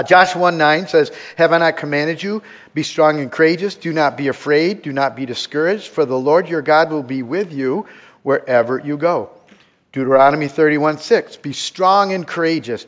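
Earnest pastor preaching, slightly muffled. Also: male voice, a little high. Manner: earnest, with frequent fillers and repetitions. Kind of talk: sermon.

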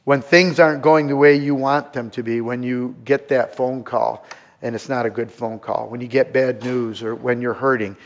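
A man preaching a sermon as a pastor, earnest, repeating words and pausing with fillers. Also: medium pitch, fairly even intonation, muffled recording. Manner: earnest, with frequent fillers and repetitions.

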